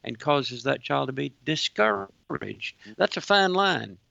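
A man hosting a Christian radio talk show, quoting scripture in a measured, teacherly way. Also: fairly high pitch, lively intonation, creaky, bright, forceful tone. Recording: dull, muffled radio sound, dry.

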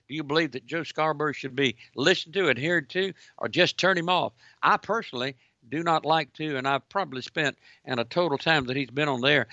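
A man's voice: on the high side, pushed and bright, no room sound. Indignant man preaching on talk radio. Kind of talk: Christian call-in talk radio. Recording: dull lo-fi broadcast audio.

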